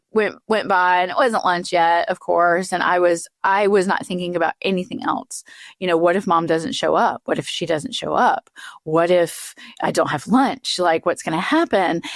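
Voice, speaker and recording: Woman, 50s, podcast host, lowish voice, halting reflective storytelling, dry close mic. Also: dry recording. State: tearful, voice breaking high. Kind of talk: personal storytelling.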